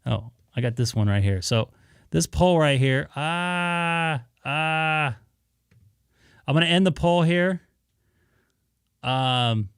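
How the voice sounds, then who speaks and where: A man's voice: fairly high pitch, animated, slow pace, long pauses, clear, resonant tone, no room sound, studio quality. A man chatting casually to viewers on his amateur radio live stream, rambling with many fillers in an easygoing way. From Southern California.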